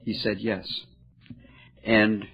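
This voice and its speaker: An older man speaking earnestly at a recovery meeting, telling a personal story in a halting, heartfelt way. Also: on the low side, flat delivery, creaky, breathy edge, faint music behind. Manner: earnest, halting, emotional at moments. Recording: dull lo-fi recording.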